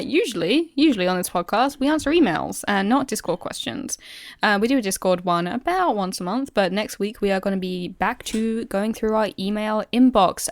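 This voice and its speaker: A woman co-hosts a podcast in a loose, giggly chat. She pokes fun at herself. Her voice is mid-pitched and the recording is dry and close. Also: dry recording. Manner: giggly, self-deprecating. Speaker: podcast co-host. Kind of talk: casual chat.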